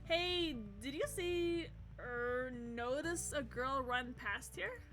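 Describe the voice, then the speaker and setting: A woman's voice: high-pitched, slow pace, fairly bright tone, faint music behind. A woman reading the lines of a polite, slightly awkward teenage boy in a visual novel in her own voice.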